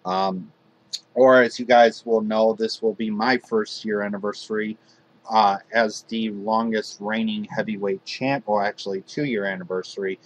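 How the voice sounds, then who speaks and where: A man hosting a hobby wrestling show, talking haltingly with lots of fillers. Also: lowish voice. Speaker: host.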